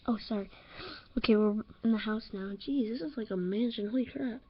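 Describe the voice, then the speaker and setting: A young woman giving excitable, jumpy commentary over a horror game, laughing at her own scares. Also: fairly high pitch, fairly quick, lo-fi sound, a little hiss or hum. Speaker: let's-play gamer.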